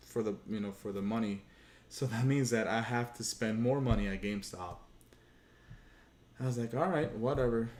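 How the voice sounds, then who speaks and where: Fairly low in pitch and darkish in tone, a gaming channel host vents on a livestream from an echoey room in his home. His casual story is frustrated, profane, and rambling, with dialogue he acts out.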